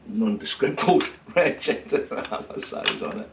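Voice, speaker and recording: A man working on an old car engine and talking to himself, muttering quietly, with bursts of excitement. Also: mid-range voice, unhurried. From Scotland. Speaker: car restorer. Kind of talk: casual workshop commentary. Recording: roomy, distant, noisy workshop sound.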